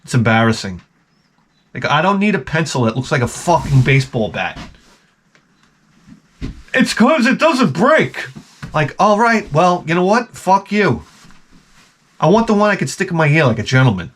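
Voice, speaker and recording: A man who installs closets, telling a profane, animated story in a casual rant and acting out the people in it. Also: fairly high pitch, fairly quick.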